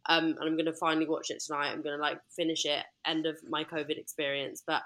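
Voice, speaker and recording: A woman's voice: low-pitched, little pitch movement, quick pace, fairly bright tone. A young woman, co-hosting a podcast and enthusiastically retelling scenes in casual chat. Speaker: podcast co-host.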